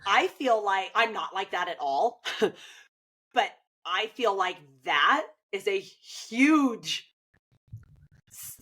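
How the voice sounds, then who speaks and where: A woman's voice: medium pitch, extremely slow, pauses often, poor audio. Chatty woman swim coach in conversation. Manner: chatty, frequent "like" fillers, animated retelling. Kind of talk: casual conversation.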